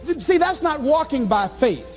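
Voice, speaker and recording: A man giving a motivational speech to an audience, preacherly and animated, acting out little dialogues with chuckles. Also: very high-pitched, moderate pace, faint music behind. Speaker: motivational speaker.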